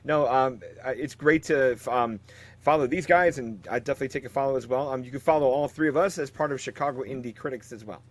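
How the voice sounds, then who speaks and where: A man who is a film critic, appearing as a podcast guest in casual chat, talking haltingly with fillers and teasing the hosts. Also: mid-range voice.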